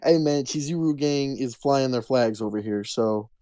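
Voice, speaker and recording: A man in a casual conversation about movies and shows, enthusiastic and quick to laugh. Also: medium pitch, warm tone.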